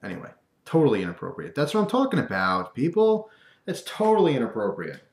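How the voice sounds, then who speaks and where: A man with a somewhat low voice delivers a casual, animated rant to the camera. He throws in wry asides and slips into quoted voices. The room around him is echoey. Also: fast talker, creaky.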